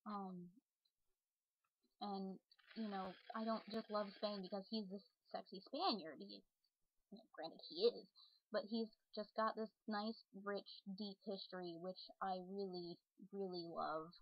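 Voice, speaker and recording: A woman's voice: mid-range voice, fairly even intonation, measured pace, no room sound, highs cut off. A young adult woman rambling casually to her followers, full of fillers and restarts. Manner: chatty, many fillers and restarts. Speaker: vlogger and online role-player.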